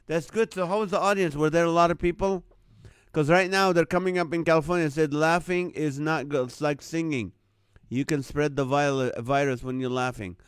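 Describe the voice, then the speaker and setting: A man hosting a live comedy show speaks in an on-the-high-side voice that's steady, clear and resonant, at a moderate pace with no echo. He chats casually, reads viewer comments, and often chuckles at the wordplay.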